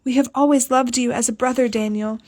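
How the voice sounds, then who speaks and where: A woman's voice: on the high side, steady tone, a little fast, a little mellow, lightly acted. A woman voicing an eldest sister in an audiobook, impetuous and trembling, close to tears. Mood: tearful.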